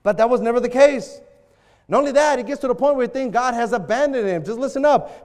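High-voiced man preaching in an echoey hall. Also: quick pace. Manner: animated preaching, acting out quoted prayers. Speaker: pastor. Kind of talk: sermon.

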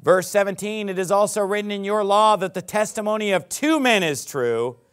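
A man, a pastor, preaching a sermon and reading scripture aloud. He talks emphatically, repeats his points, and builds to loud peaks. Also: sits high, normal speed, clear, resonant tone. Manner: reads scripture aloud in King James wording.

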